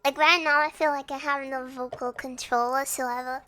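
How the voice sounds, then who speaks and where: A woman's voice: sits high, steady tone, moderate pace, bright, forceful tone, soft background music. A young woman streamer chatting casually while sick and feverish, her voice strained, fretful and rambling with frequent laughs. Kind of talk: casual livestream chat.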